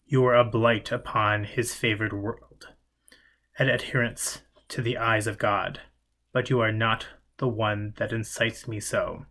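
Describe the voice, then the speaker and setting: A menacing pale stranger with a harsh, crow-like caw, dropping low and speaking stiffly, stressing every word as though the language were foreign to him. A man reads him aloud in an audiobook. His replies come curt and cold. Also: fairly even intonation, unhurried, bright, forceful tone, exaggerated voice.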